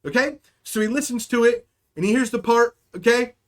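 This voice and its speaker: A man's voice: very high-pitched, normal speed. A young man hosting a livestream, telling a rambling, profane story in casual chat, often checking in with "okay?". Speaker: livestream host.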